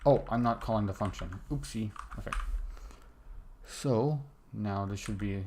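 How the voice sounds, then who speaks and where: A young man mutters to himself while coding a game for his stream, his casual commentary full of self-interruptions over the sound of typing and mouse clicks. His darkish, lowish voice is fairly even and slow, with frequent pauses. A little hiss or hum is present.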